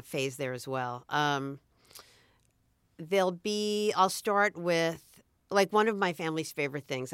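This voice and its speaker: Low-voiced middle-aged woman, easygoing. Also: clean tone, no echo, studio quality. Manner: thoughtful, restarts often, easygoing. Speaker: podcast guest, food blogger. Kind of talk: casual chat.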